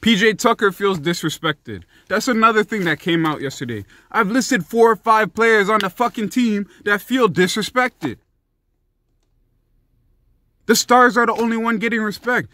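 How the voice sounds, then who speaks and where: A man's voice: sits high, animated, normal speed, sharp tone, dry recording. A young man giving heated, profane sports commentary in a ranting vlog style.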